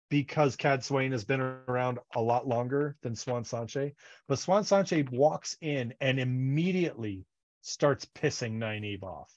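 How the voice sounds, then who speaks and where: Animated man with a muffled sound. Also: medium pitch. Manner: animated, acts out characters' lines in funny voices. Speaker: podcast co-host. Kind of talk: casual book discussion.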